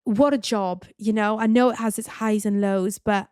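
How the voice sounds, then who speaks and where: A woman, telling a personal story in a chatty, animated way with lots of "like" and "you know". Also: mid-range voice, normal speed, no room sound, studio quality. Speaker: podcast host. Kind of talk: casual storytelling monologue.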